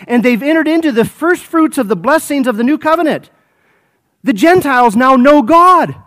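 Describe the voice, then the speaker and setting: High-voiced preacher man, exclaiming. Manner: exclaims and repeats phrases, addresses listeners as folks. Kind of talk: expository sermon.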